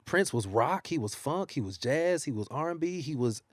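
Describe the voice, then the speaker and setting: In a casual interview at a newspaper studio, an American working singer talks about his career, telling animated stories and laughing often. His fairly high-pitched voice moves at a moderate pace, captured as a dry, studio-quality recording.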